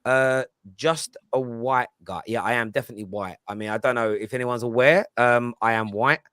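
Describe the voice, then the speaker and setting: A man's voice: mid-range voice, moderate pace, bright, forceful tone, clear, resonant tone, dry recording, studio quality. A man with a London accent, mixing Cockney and slang, hosting a football panel in casual chat, swearing freely and laughing at himself. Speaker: host of a football panel show.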